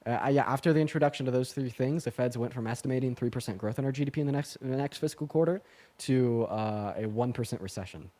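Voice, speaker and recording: A young man hosting a livestream debate, talking fast and casually with many fillers. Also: medium pitch, mellow.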